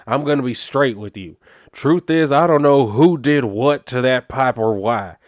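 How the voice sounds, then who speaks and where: Man doing a racist small-town sheriff, talks out of one side of his mouth, gruff, dismissive drawl, dry close sound. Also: mid-range voice, measured pace, no echo, lightly acted. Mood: contemptuous.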